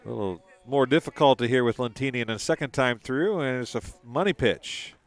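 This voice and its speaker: A man doing casual live play-by-play commentary, chatty and quick to laugh between calls. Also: medium pitch, dry recording.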